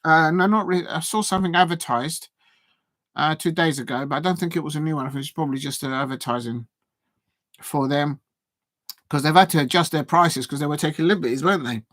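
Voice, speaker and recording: A man hosting a live football watch-along, chatting with viewers and getting excitable, even shouting, at big moments in the match. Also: fairly high pitch, fairly quick, no room sound. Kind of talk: live match reaction and chat.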